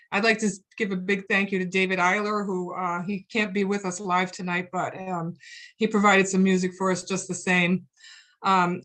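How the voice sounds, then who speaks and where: A woman's voice: medium pitch, a bit bright. Woman giving an online lecture. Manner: friendly, explanatory, with frequent ums. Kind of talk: virtual presentation lecture.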